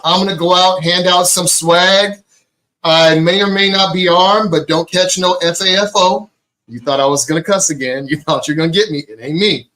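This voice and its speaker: Middle-aged guy cohosting, bright ringing voice, a bit high, jokes around a lot. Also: fairly even intonation, moderate pace, low-quality recording. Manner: joking, laughs often. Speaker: co-host. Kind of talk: casual chat.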